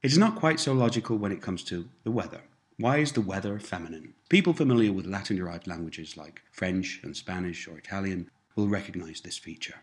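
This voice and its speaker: A man's voice: low voice, lively intonation, a little fast. A man giving a scripted language lesson, prompting words and phrases for repetition and patiently explaining how sounds change. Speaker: language teacher.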